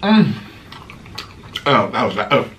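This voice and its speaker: A man's voice: very animated, takes it slowly, a bit bright, far from the mic, slight background noise. A man in his thirties hosting an eating video at home, answering viewer questions in a sarcastic, theatrical way. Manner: sarcastic, theatrical, swings between high and low pitch. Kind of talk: casual chat while eating.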